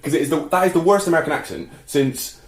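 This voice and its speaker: A man co-hosting a podcast, chatting casually, laughing often and throwing in quick asides. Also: a little high, reverberant. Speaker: podcast co-host. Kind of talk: casual chat.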